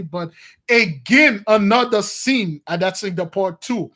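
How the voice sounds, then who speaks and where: A man speaking as a religious teacher, giving an excitable, scornful and repetitive preaching-style commentary on a TV series. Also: sits high, unhurried.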